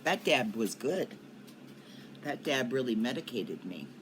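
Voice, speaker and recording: A woman's voice: a bass voice, lively intonation, measured pace, background noise. An older woman chatting casually to her viewers in a rambling way, coughing often. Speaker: cannabis vlogger. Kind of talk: casual chat to camera. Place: at home in Colorado.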